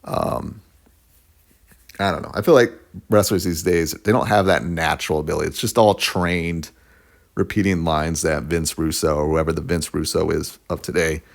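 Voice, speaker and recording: A man's voice: sits low, steady tone, moderate pace, gravelly. A man, a YouTuber, ranting casually to camera in a blunt, sarcastic way, laughing at his own jokes.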